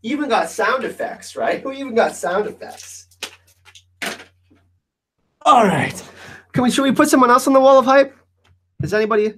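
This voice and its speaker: A man's voice: very high-pitched, a little fast, slight background noise. A man hosting a live stream, chatting casually and joking as he answers viewers in the chat. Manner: animated, joking, reacting to chat.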